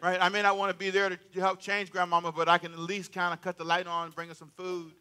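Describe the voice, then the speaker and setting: Male pastor, high and sharp-toned, emphatic call-and-response sermon delivery. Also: monotone, quick pace, clear, resonant tone. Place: church sanctuary.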